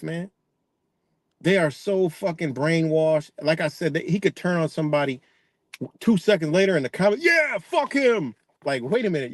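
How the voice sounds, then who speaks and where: A man's voice: a little high, dry recording. Profane ranting man, dry close sound. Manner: profane, repetitive, rambling rant; reacts to live chat comments. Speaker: live streamer. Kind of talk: casual ranting commentary.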